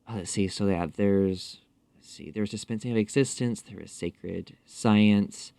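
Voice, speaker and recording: A man's voice: fairly low pitch, gravelly, dark tone, clean tone, no echo. A man speaking as a podcast guest in a casual interview, talking thoughtfully with frequent fillers and restarts. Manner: thoughtful, halting, many fillers.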